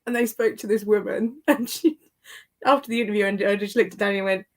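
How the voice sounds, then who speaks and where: A woman, chatting casually and laughing often. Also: medium pitch. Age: 30s. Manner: giggly, chatty, quick to laugh. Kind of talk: casual chat.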